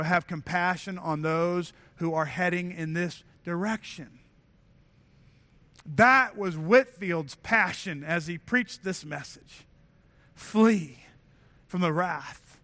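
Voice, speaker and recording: A pastor preaches in a church. His voice sits high for a man and sounds bright and forceful. He talks earnestly and conversationally, often doubling back on his words. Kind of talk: sermon. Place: church sanctuary.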